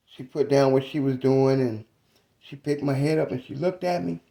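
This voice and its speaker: A man in his thirties telling a personal story about his mother in a reflective, halting, casual way. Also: mid-range voice, steady tone, gravelly, dark tone. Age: 30s.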